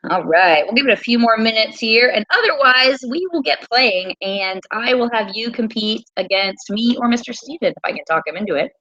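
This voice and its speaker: A woman teacher hosting a casual quiz livestream from her small home, chatty and repeating things slowly. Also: a little high, lively intonation, bright, forceful tone, no echo, dull audio.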